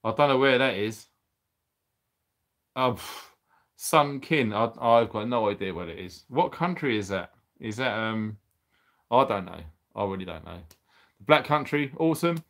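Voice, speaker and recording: A man's voice: medium pitch, animated, a little slow, pauses often, a bit bright. Chatty British man hosting a livestream. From United Kingdom. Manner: chatty, upbeat, reading out viewer names; laughs often, exclaims blimey and bonkers. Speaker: livestream host. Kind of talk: casual livestream chat.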